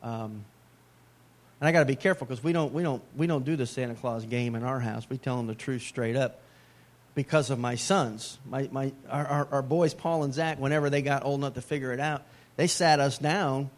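A man's voice: medium pitch, steady tone, brisk. A middle-aged man preaching a sermon as a pastor, in a conversational way with joking asides.

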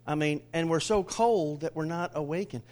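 A middle-aged pastor preaching a sermon, animated, drawing the congregation into call-and-response, swinging between loud declarations and hushed asides. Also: male voice, fairly high pitch, normal speed.

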